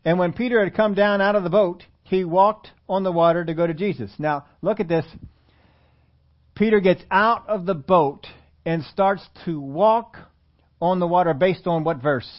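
A man's voice: high voice, normal speed. A man preaching a sermon in a conversational way, often asking his listeners questions. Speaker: pastor. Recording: muffled lo-fi recording.

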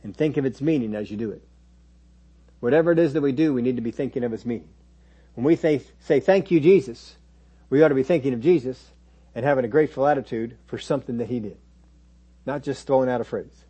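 A man's voice: mid-range voice, fast, pauses often, mellow, husky, dull audio. A man preaching a sermon in a conversational teaching manner, now and then mimicking churchgoers in quoted asides.

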